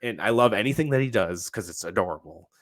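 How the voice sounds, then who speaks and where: A man co-hosting a casual podcast, excitable and profane, often acting out characters' lines in a higher voice. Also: quick pace. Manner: excitable, swears a lot, acts out characters' lines. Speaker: podcast co-host.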